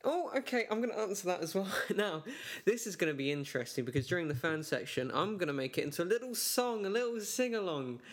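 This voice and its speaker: Rambling, joking male podcast host, slightly high voice. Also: very animated, fast talker. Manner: rambling, joking, self-mocking, laughs often. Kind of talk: casual solo podcast chat. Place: his own bedroom.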